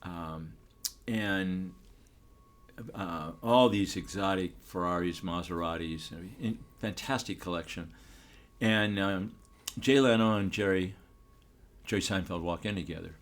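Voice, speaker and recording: An older man, a photographer, telling a story in a relaxed, rambling way, full of restarts and fillers. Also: low voice, measured pace. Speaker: photographer, guest.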